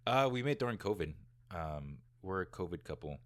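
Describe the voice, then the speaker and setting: A young man with a deep voice and lively intonation is interviewed in his own office as a guest content creator. Speaking at a moderate pace, he's laid-back and teasing with dry humor in this casual chat. The recording is dry.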